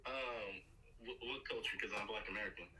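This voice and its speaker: Male caller, Los Angeles accent, quick and stammering, heard distantly. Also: lowish voice, fairly even intonation, sharp tone. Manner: hesitant, stammering. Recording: distant call-in audio.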